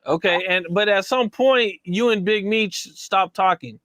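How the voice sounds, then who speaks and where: A man's voice: high voice, measured pace, noisy background. A man interviewing a guest, asking careful questions and checking facts.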